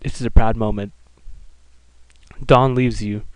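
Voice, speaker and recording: A man's voice: fairly low pitch, fairly even intonation, measured pace, darkish tone, no echo, rough recording. A young man giving joking, mock-dramatic commentary while playing a video game. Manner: joking, mock-dramatic, narrates in second person. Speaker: let's play commentator. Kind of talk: casual gameplay commentary.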